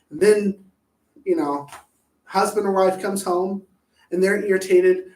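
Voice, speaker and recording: A man hosting a live talk on anger management, blunt and profane, swinging between loud outbursts and low asides. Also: a little slow. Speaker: host. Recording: echoey room, voice far from the mic.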